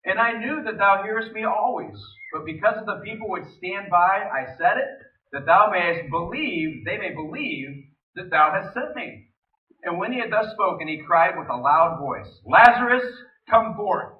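A man preaching a sermon in an animated way, reading scripture aloud between his own remarks. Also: high-pitched, moderate pace. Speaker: pastor. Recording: distant, echoey, phone-like sound.

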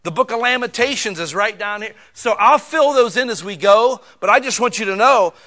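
A middle-aged man preaching a sermon in an animated, folksy way, walking through Bible history and telling a story with sudden shouts. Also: high voice, moderate pace. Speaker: pastor.

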